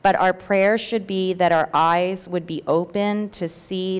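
A woman's voice: lowish voice, steady tone, a little slow, clear, resonant tone, in a large hall. A woman reading her personal testimony aloud at a church meeting, earnest and heartfelt, with hesitant fillers. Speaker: church member sharing a testimony.

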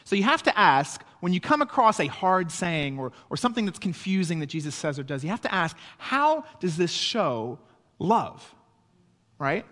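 A man's voice: high-pitched, big pitch swings, normal speed, fairly bright tone, long reverb tail. A man preaching a sermon in a conversational way, often checking in with his listeners. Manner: conversational preaching with frequent "right?" asides. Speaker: pastor.

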